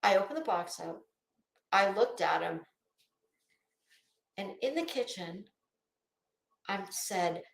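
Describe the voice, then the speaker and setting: A woman host telling a profane, animated story as a casual rant. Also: on the low side, slow pace, creaky, pauses often. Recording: echoey room.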